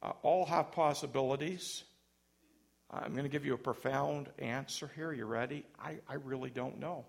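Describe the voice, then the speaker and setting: Raspy-voiced preacher, joking and conversational. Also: male voice, medium pitch, normal speed. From Canada. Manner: conversational, self-deprecating humor. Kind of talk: sermon. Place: church.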